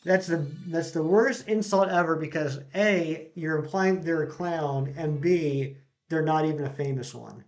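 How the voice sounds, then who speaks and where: A man's voice: fairly high pitch, measured pace, a little mellow, faint music behind. A man running a casual live stream, reading out jokes from chat and greeting viewers by name as he plays.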